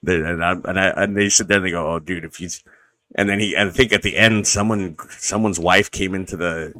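A man hosting a casual podcast chat, his voice deeper and rougher from acid reflux, rambling and swearing with many restarts. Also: steady tone, fairly quick, bright, forceful tone, no room sound. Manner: rambling and profane, with frequent restarts. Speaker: podcast host.

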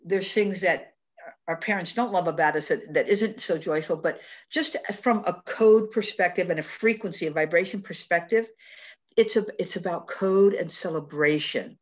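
A woman's voice: lowish voice, normal speed, dull audio. A woman hosting a spiritual talk, speaking in an earnest, affirming way and often repeating phrases. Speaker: host, numerology speaker. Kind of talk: spiritual talk show chat.

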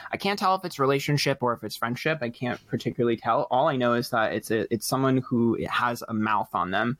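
A young man reading tarot cards on a group voice call, relaxed and rambling, swearing loosely. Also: medium pitch, fairly quick, no room sound. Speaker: tarot reader.

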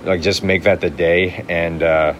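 Low-voiced man, rambling and hesitant. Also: flat delivery, a little slow, a bit bright, a little hiss or hum. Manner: rambling, hesitant, many fillers. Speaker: guest comedian. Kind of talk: casual podcast chat.

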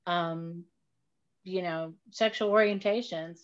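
A woman's voice: lowish voice, steady tone, slow pace, clean tone, dull audio. A middle-aged woman, a guest in a casual interview, speaking hesitantly with many fillers.

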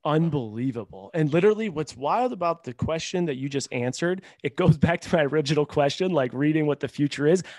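This is a man hosting a podcast, with a voice pitched a little high for a man and a dry, close sound with no room echo. He talks enthusiastically and keeps affirming his guest in casual chat. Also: darkish tone. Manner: enthusiastic, quick to affirm and laugh along. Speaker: podcast host.

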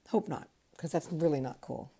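Low-voiced New woman, rambling. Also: dark tone, husky. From Connecticut. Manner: rambling, thinks aloud, swears freely. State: tired. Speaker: podcast host. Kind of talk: casual spoken memoir storytelling.

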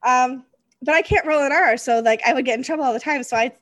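A woman in her forties hosting a podcast interview, chatty and quick to laugh. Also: high voice, fairly bright tone, dry recording. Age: 40s. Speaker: podcast host. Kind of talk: casual interview chat.

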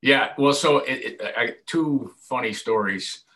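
Bright-voiced man telling stories. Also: mid-range voice, unhurried. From upstate New York. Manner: animated storyteller, acts out quoted voices. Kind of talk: casual chat.

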